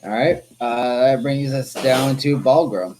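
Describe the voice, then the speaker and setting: A man runs a tabletop game as dungeon master, describing combat results and asking players for checks. He talks at an unhurried, measured pace with a mid-range voice. A faint hiss of noise sits under the recording. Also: mid-range voice.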